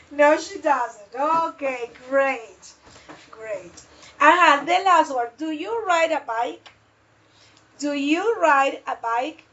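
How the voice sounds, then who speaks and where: A woman teaching English in an online lesson, modelling questions slowly and drawing them out. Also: high-pitched, expressive, fairly bright tone. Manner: slow, drawn-out modelling of questions. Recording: dull lo-fi audio.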